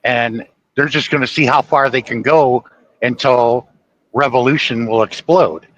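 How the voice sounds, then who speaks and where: Opinionated male podcast host from the U.S., bright forceful tone, rambling storyteller. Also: medium pitch, unhurried, muffled recording. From United States. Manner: opinionated, storytelling with acted quotes. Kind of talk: casual political chat.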